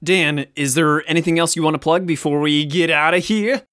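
A man's voice: fairly high pitch, fairly even intonation, moderate pace, fairly bright tone, no room sound, clean studio sound. A man hosting a casual podcast interview, conversational, telling a personal story. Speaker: podcast host.

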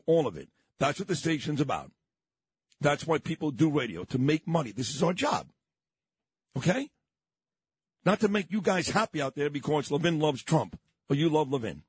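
A man's voice: on the high side, slightly rough, no echo. A man with a New York accent hosting a morning radio talk show, ranting in a combative, indignant way and repeating his points. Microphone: studio microphone.

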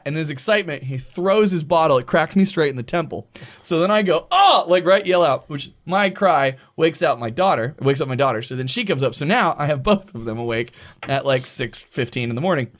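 A man in his thirties co-hosting a podcast, telling a story in a casual, animated way, acting out quoted voices and swearing freely. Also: on the high side, brisk. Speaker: podcast co-host. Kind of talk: casual storytelling among friends.

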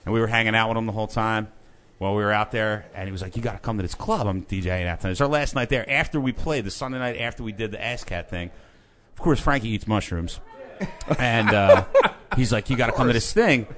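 A man's voice: fairly low pitch, brisk. A man on a podcast telling a rowdy, profane story in a casual chat, acting out what people said. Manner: animated, profane anecdotes with quoted voices. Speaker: podcast guest, band member.

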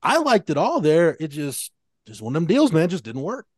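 A man's voice: on the high side, huge pitch swings, normal speed, no room sound, clean studio sound. A man co-hosting a sports podcast, thinking aloud with restarts as he lays out his view of a play call. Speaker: co-host. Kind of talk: casual sports podcast analysis.

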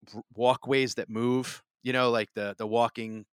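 A man chatting on a podcast, meandering through a story with lots of restarts and filler words. His voice sits at an ordinary pitch and sounds close and dry, with no room behind it. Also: level tone, unhurried, clear, resonant tone, dry recording. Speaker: podcast co-host. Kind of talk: casual chat.

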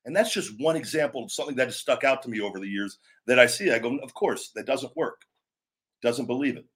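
A middle-aged man holds forth with blunt, forceful conviction, punching his points hard. He breaks into loud, stretched-out catchphrases to show how they should land, then drops back to plain talk. His voice sits in an ordinary middle register. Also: mid-range voice, expressive. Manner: emphatic, blunt, acts out catchphrases with shouts and drawn-out words. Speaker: podcast host and former pro wrestler. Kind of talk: opinionated casual talk.

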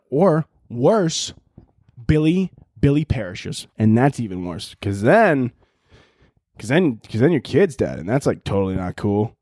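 A man's voice: mid-range voice, expressive, moderate pace, dark tone, dry recording, studio quality. Rambling, profane young Chicago man. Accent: American, Chicago. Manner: rambling, profane, laughing often, mock voices. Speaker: podcast host. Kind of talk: casual comedic monologue.

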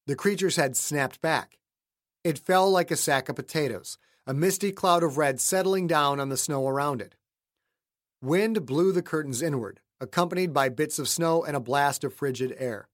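A man with a slightly raised pitch narrating an audiobook in a measured, suspenseful way. He slows down for the tense beats. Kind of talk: scripted narration.

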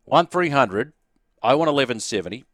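A man's voice: mid-range voice, animated, brisk, no echo, clean studio sound. Chatty Australian man hosting a radio quiz. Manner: chatty, jovial. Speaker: radio host.

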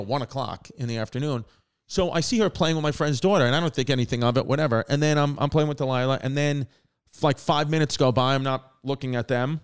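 Picture a man hosting a comedy-style podcast who rambles through a story with lots of "like" and "I was like". He acts out the quotes with a lot of swearing, at an ordinary middle pitch. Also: clean tone. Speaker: podcast host. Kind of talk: casual storytelling.

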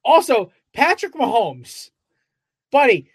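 A man's voice: extremely high pitch, wildly swooping pitch, slow, husky, dry recording. A man co-hosting a casual sports podcast, ranting in a fired-up way with heavy swearing. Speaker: podcast co-host.

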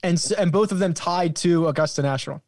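A man hosts a casual sports chat with quick, wry questions. His voice sits a little high, and the sound is dry and close. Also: a little mellow, dry recording. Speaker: host.

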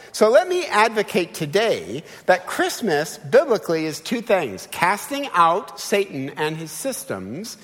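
A man in his fifties preaching a sermon with animated, humorous storytelling. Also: high voice, measured pace, hardly any pauses. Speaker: pastor. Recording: long hall reverb.

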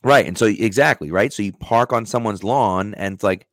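Lower-voiced guy explaining stuff on a podcast, laid back, keeps saying right, dry sound. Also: a little fast, no echo. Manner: relaxed, explains things, says "right?" often. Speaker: podcast co-host. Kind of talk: casual chat.

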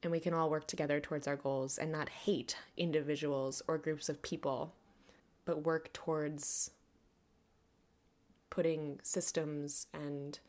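A woman hosting a podcast, talking earnestly and reflectively, now and then laughing softly. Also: sits low. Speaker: podcast host. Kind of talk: personal monologue.

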